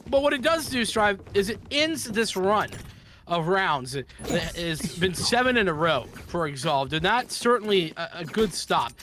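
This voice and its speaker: A man casting a live esports match, building fast excitement during big plays. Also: sits high, slight background noise. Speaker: esports play-by-play caster.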